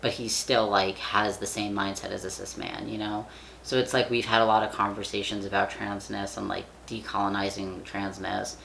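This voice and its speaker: Young man, casual vlog chat, gravelly fry, bright tone, rambling with fillers and swearing. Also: on the low side, level tone, normal speed, slight background noise. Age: young adult. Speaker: vlogger.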